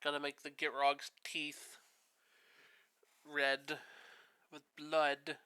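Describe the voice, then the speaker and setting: A man's voice: a little high, monotone, extremely slow, pushed and bright, clear, resonant tone. A man hosting a stream, chatting in a rambling, easygoing way while he paints. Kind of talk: casual chat while painting. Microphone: streaming setup.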